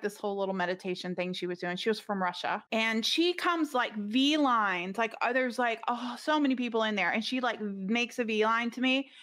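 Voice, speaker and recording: A woman's voice: a little high, fairly bright tone. A middle-aged woman, a podcast guest, telling a story in casual conversation, rambling with lots of "like" fillers and restarts.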